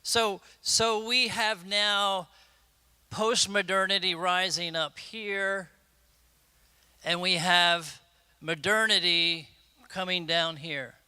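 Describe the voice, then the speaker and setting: A man giving an unscripted conference talk, speaking in a halting way with many restarts and fillers. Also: sits high, fairly even intonation, bright, forceful tone, smooth, no echo. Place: conference room.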